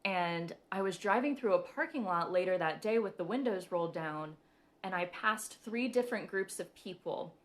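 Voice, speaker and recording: Giggly woman with a lowish voice. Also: lively intonation, normal speed. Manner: chatty, giggly, many ums. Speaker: spiritual reader and host. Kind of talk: casual live-stream talk.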